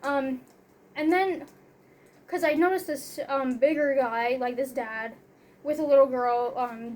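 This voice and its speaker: A woman's voice: high-pitched, a little hiss or hum. A young woman telling a story in a casual, rambling way, filling her talk with "like" and "you know".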